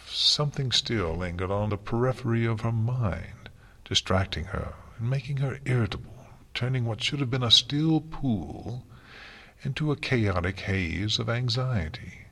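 A man reads a story aloud in a slow, even storytelling manner. His voice sits low and husky, with a tense, bright edge. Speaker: narrator. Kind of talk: storybook reading.

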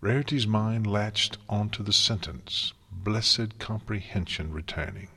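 Slow, deep-voiced male storyteller. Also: creaky, sharp tone, husky. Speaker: audiobook narrator. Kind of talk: scripted fan fiction narration. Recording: long hall reverb.

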